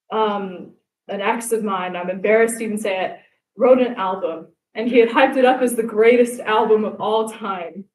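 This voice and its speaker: On stage at a live comedy show, a young adult woman tells animated stories and performs the quotes she relays in her stand-up set. She has a mid-range voice, captured in an echoey live venue with slight background noise.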